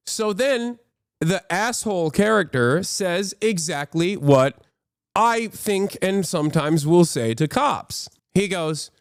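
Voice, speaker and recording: Brief: male political commentator on a livestream, loose and profane, raised pitch. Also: animated, normal speed, clear, resonant tone, dry recording, clean studio sound. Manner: rambling, profane, frequent restarts.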